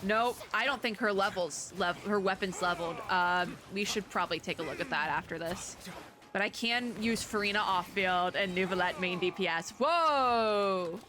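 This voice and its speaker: A young woman doing let's play commentary on a video game, animated and chatty, laughing to herself. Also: medium pitch, moderate pace, noisy background. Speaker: gaming YouTuber.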